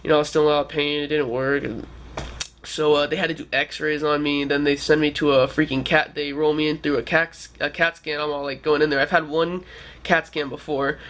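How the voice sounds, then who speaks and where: Guy in his 20s, kinda high voice, rambling vlog story, says like a ton and swears. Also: level tone, a little fast, fairly bright tone. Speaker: vlogger. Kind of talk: casual storytelling to camera.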